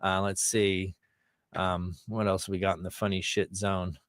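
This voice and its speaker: A man's voice: sits low, level tone, unhurried, a bit bright, no room sound, clean studio sound. A man hosting a livestream, chatting casually between clips in a loose, rambling, profane way. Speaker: livestream host. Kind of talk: casual chat.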